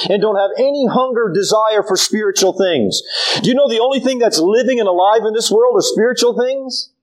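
An older man preaching a sermon, animated and folksy, telling stories with humor. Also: high-pitched, poor audio. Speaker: pastor.

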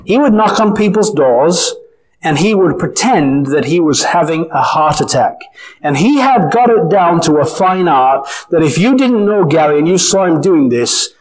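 Earnest preacher with emphatic delivery. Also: male voice, a little high, rough recording. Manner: earnest, emphatic, slows on key phrases. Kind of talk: sermon.

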